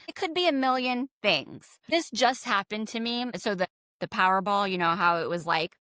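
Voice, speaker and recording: A woman's voice: medium pitch, moderate pace, no room sound, studio quality. A middle-aged American woman, a leadership coach, talking as a guest in a podcast interview and acting out quoted dialogue as she tells stories. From United States. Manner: animated storyteller, acts out quoted dialogue.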